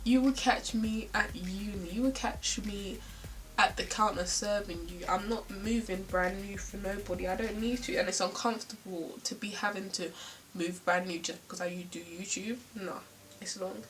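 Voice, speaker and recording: A woman's voice: medium pitch, steady tone, moderate pace, far from the mic, a little hiss or hum, rough recording. A young woman from South London with a South London accent, chatting casually in a get-ready-with-me vlog, ranting with slang and lots of "like". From South London, England. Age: young adult. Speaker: beauty vlogger.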